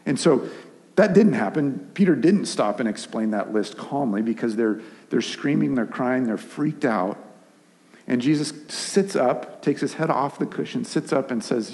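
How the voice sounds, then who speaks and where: A male pastor delivers a sermon in a loose, conversational way at a middle pitch. He slips into lively asides as he retells the story. The room rings with the long reverb of a large hall. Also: normal speed.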